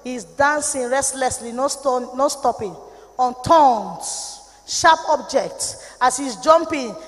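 A Nigerian woman preaches with fierce passion, her voice sitting high as she drops into grave warnings and then rises into shouted rebukes. The sound rings with a long echo, as if she is in a large church hall. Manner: impassioned, swings between low warnings and shouted rebukes. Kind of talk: sermon.

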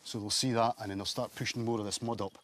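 A man's voice: lowish voice, fairly even intonation, quick pace, a bit bright. A man guiding a walk outdoors by a pond, explaining things in a friendly way. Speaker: rewilding guide. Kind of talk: guided outdoor walk-and-talk. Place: outdoors by a beaver dam and pond.

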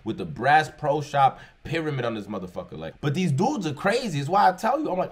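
Animated young man reacting casually. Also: brisk, hardly any pauses, breathy edge. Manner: animated, joking, swings into loud high bursts. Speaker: reaction video host.

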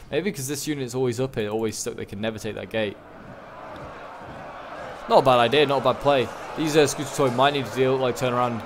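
A man giving casual, excitable play-by-play commentary on a strategy game battle, rambling with lots of fillers. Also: mid-range voice, background noise. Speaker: gaming channel host.

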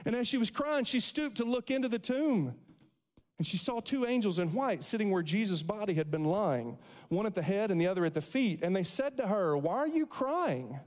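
A man pastor preaching a sermon, animated, acting out the quotes from scripture. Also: high voice, fairly quick. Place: church sanctuary. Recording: long hall reverb.

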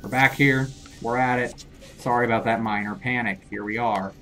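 Soft music plays behind a young man's mid-range voice, steady in tone, bright and forceful, moving at a normal speed. He's playing a shooter and commenting as he goes, rambling, flustered, laughing at his slip-ups and mock-scolding enemies.

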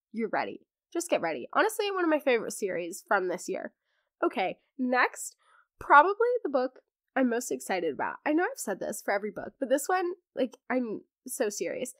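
Young female podcast host, hoarse, animated and gushing, higher voice. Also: no echo, studio quality. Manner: gushing, animated, acts out characters in quotes. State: hoarse from laryngitis. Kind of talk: casual book chat.

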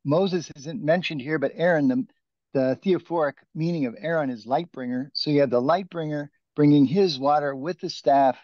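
A man's voice: a little high, normal speed, a little mellow, dry recording, muffled recording. A man in an online Bible study class, expounding eagerly on word meanings. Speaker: student. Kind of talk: class discussion.

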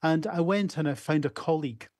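A man's voice: on the high side, brisk, darkish tone, no echo, clean studio sound. A Scottish man in his fifties, an emergency doctor telling candid stories in a conference keynote over a video call. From Scotland. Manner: candid, anecdotal, with small restarts. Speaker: emergency medicine doctor giving a conference talk. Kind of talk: storytelling keynote talk.

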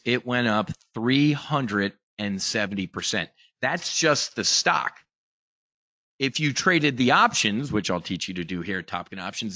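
A man hosting a trading show, giving a brash, profane, emphatic investing pitch. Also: pushed and bright, dry recording.

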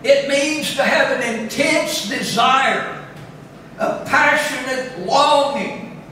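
A man preaching a sermon as pastor, slow and deliberate, lifting his voice on scripture readings. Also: very high voice, pushed and bright. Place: church chapel. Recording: echoey chapel from a distance, faint room noise.

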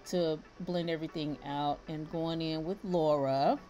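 A woman's voice: deep voice, fairly even intonation, a little slow, mellow, soft background music. A middle-aged woman, chatting casually through a makeup tutorial and laughing often. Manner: chatty, laughs often, addresses viewers as y'all. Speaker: beauty vlogger.

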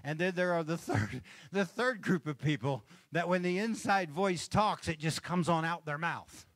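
A male pastor delivers a conversational sermon, his voice a touch higher than most men's. He keeps asking the congregation for an amen and chuckles between points. The sound is close and dry, with little room echo. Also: normal speed, a bit bright. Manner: conversational, asks the crowd for amens. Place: church stage.

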